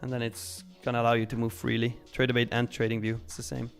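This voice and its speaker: A man's voice: medium pitch, completely flat delivery, quick pace, vocal fry, faint music behind. Upbeat young man hosting a live stream. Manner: chatty, upbeat, laughs often, slang like fire. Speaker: live trading stream host. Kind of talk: casual live-stream chat reading viewer comments.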